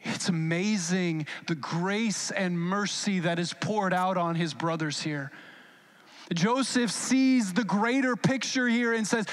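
A man with a fairly high voice delivers a sermon in a warm-hearted, conversational tone. He slips into lively character voices for the scripture he retells, with small stammered restarts along the way. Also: takes it slowly. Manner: earnest, acts out biblical quotes in lively voices. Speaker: pastor.

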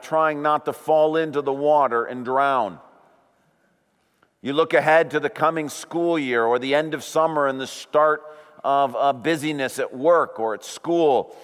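A man preaching a sermon as pastor, slow and deliberate, leaning on key words. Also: a little high, fairly bright tone. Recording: long hall reverb.

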